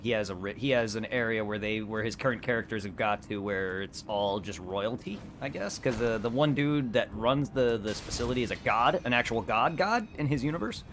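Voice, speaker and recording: A young man streaming a game, chatting casually in a rambling, excitable way and swearing a lot. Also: lowish voice, a little fast, few pauses, a little hiss or hum. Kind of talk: casual gameplay commentary.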